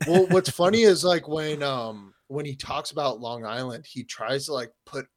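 A man's voice: mid-range voice, normal speed. A man co-hosting a podcast in casual chat, rambling and profane, with many filler words. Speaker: podcast co-host.

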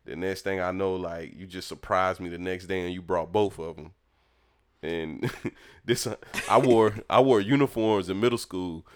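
A young man telling a lively childhood story in casual chat, acting out the people in it. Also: low-pitched, normal speed. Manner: animated, acts out voices in his story. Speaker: storyteller talking with his mother.

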